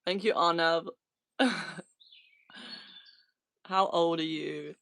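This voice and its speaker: A woman's voice: on the low side, fairly bright tone, slight background noise. A woman in her thirties hosting a casual live chat from a small converted shed, reading viewer comments aloud and laughing often. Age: 30s. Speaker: livestream host.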